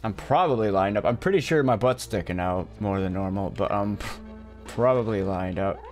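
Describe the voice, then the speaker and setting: A man streams a video game with casual commentary, tired and losing his voice, joking and laughing and saying frick and freaking instead of swearing. His voice is lowish at a moderate pace, with faint music behind.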